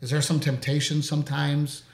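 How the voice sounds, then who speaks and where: A man hosting a casual interview chat as a comedian, telling stories with lively asides. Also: on the high side, moderate pace. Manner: animated storyteller, quotes people in put-on voices. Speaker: podcast host and comedian. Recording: roomy echo.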